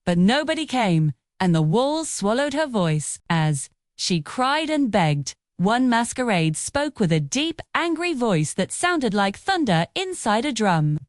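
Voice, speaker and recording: Woman telling a folktale, pitch bouncing all over, kinda high, dry close mic. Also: sing-song, a little slow, few pauses, dry recording. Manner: dramatic, vivid. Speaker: storyteller. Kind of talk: scripted folktale narration.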